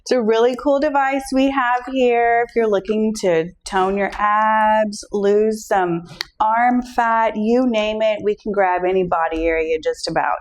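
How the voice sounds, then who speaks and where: Easygoing woman telling a workplace story. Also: mid-range voice. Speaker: guest. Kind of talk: casual podcast chat.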